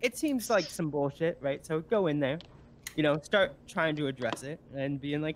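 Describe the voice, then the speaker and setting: A man's voice: on the high side, lively intonation, moderate pace, slight background noise. Rambling man telling a story. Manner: rambling, storytelling with many fillers and restarts. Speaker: guest. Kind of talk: casual stream chat.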